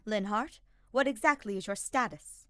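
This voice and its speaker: A woman's voice: medium pitch, normal speed, no echo, studio quality, voice pushed up, close to an everyday voice. A stern, commanding young woman leader, as a woman reader puts her on in a story recording. She speaks in firm, clipped lines.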